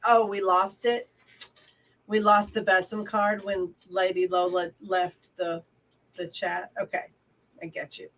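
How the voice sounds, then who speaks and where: A middle-aged woman co-hosting a casual online discussion, telling stories in a chatty, animated way. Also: medium pitch. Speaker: co-host. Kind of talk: casual discussion on a video call. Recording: distant from the mic.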